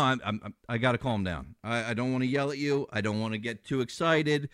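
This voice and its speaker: A man's voice: medium pitch, brisk, hardly any pauses, a bit bright, dry recording. A man hosting political talk radio as a fill-in, ranting with indignation and sarcasm into a studio microphone.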